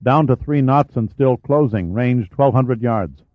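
A man voicing a steady ship's first officer giving matter-of-fact reports. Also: mid-range voice, a little slow, no room sound, natural voice. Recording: dry, slightly dull recording.

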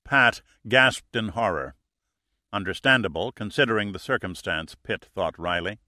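A man narrating a thriller audiobook in a steady, measured way. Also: lowish voice, dry recording, studio quality.

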